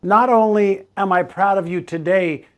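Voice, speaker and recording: Calm, reflective male interview host. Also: high voice, normal speed. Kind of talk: casual interview conversation.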